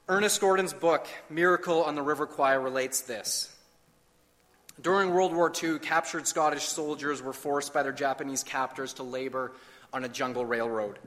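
Male pastor, 30s; earnest, emphatic sermon delivery with a tense, bright tone in a reverberant hall. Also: a little high. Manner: earnest preaching with slow emphatic pauses.

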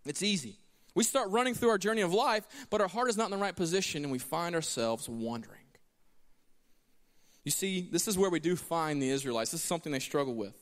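A man's voice: on the high side, expressive, a little fast, fairly bright tone, long reverb tail. A man preaching a sermon as pastor, telling stories with animation and acting out the lines he quotes. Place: church sanctuary.

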